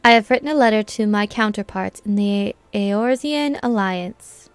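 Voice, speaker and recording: A woman's voice: medium pitch, normal speed, smooth, no echo, natural voice. A woman voicing a gracious elder woman who leads a forest city, reading formal lines aloud with small stumbles. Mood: solemn.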